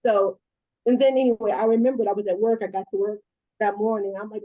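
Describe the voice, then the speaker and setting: A woman giving a casual, animated account, laughing often and leaning on "you know," on a video call. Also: medium pitch, fast. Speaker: speaker. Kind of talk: casual storytelling. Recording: dull lo-fi call audio.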